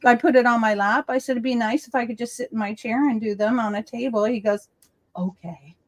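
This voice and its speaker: A woman's voice: a little high, fairly even intonation, fast talker. Chatty woman cooing at her dog. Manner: chatty storyteller who coos baby talk at her dog. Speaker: co-host of a crafting livestream. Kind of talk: casual chat.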